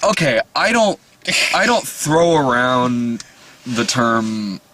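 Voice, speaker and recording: A man's voice: medium pitch, very animated, takes it slowly, bright, forceful tone, a little hiss or hum. A man co-hosting a casual movie podcast, talking in a profane, rambling way and often cutting himself off. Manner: profane, rambling, self-interrupting. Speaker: podcast co-host. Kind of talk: casual movie-trailer chat.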